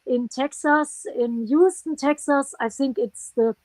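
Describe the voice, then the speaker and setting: A woman with a German accent, a musician chatting warmly as an interview guest over a video call, laughing often. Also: high voice, unhurried, dry recording. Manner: warm, gushing, laughs often. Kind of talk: casual interview.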